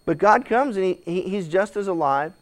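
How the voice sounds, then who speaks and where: Male pastor, high voice, preaching with big dramatic swings from hush to shout, stammering restarts. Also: expressive, normal speed. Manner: repeats words when starting sentences. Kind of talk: sermon.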